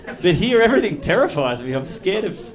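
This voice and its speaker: A man with an Australian accent doing live stand-up comedy, animated and jumping into loud put-on voices. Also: high-pitched, a little fast. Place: comedy club stage. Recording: live club mic, loud crowd laughter. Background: audience laughing.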